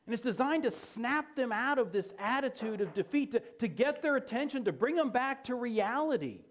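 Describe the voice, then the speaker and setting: A man's voice: extremely high pitch, expressive, moderate pace, few pauses. A man preaching a sermon as pastor, emphatic and repeating key phrases for effect.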